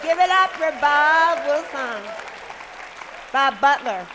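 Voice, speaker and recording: High-pitched host, upbeat announcing, slow, live theater crowd, noisy. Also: animated. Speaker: show host. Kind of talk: introducing performers. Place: large theater stage.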